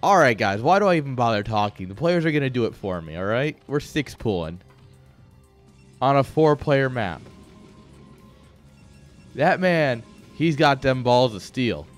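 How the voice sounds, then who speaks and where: A man's voice: medium pitch, big pitch swings, a little slow, pauses often, faint music behind. A young man casting a live game with hyped, joking play-by-play, talking straight to his viewers. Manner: hype, joking, talks straight to chat. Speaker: esports caster.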